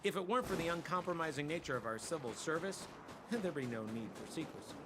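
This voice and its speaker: An actor playing a sly, talkative male smuggler guide in a game cutscene, with smooth salesman patter. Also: a little high, fast, background noise, lightly acted.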